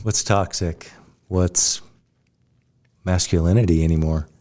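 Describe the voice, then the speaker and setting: Male co-host, very low, mellow voice, deliberate and reflective. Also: steady tone. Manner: slow, deliberate, thinks aloud in measured phrases. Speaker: podcast co-host. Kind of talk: casual chat.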